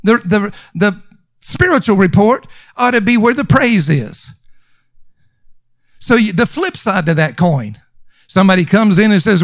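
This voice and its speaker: High-voiced emphatic preacher man. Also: expressive, unhurried, long pauses, dry recording. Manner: emphatic, repeats lines for stress; conversational with fillers and restarts. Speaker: pastor. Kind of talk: sermon.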